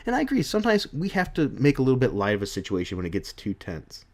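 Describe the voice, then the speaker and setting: A man reviewing a comic in an off-the-cuff way, stumbling and restarting as he goes. His voice swings widely in pitch, lively and animated. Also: fast talker, few pauses. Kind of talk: casual video review.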